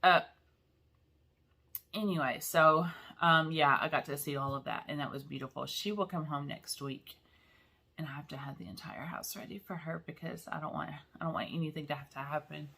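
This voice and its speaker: A woman's voice: deep voice, fairly even intonation, moderate pace, vocal fry, bright, forceful tone, slightly rough. A middle-aged woman chatting casually to camera in her vlog, emotional and laughing between sentences. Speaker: vlog host. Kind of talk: casual chat.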